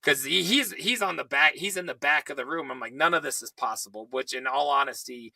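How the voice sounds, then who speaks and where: A young man telling a story in casual podcast chat, animated and swearing, while he is losing his voice. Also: a little high, fairly quick, gravelly, no room sound, recorded from a distance. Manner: animated, swearing, quoting himself. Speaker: podcast co-host.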